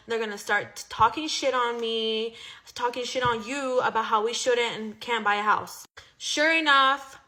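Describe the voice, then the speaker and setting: A young woman spills a personal story in a loose, casual monologue. Her voice sits a little high and comes across bright and sharp. She swears freely and fills her sentences with "like.". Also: normal speed. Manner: chatty, profane, heavy use of "like".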